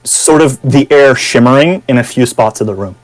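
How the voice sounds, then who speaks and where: A man's voice: medium pitch, no room sound, low-quality recording. A man narrating as game master of a tabletop game, with many restarts. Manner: halting, restarts, descriptive narration.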